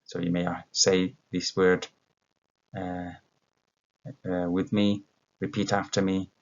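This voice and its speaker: A man teaching an English vocabulary lesson, patient and slow, with many fillers and self-corrections. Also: low voice, level tone. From Ethiopia. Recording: dull lo-fi recording.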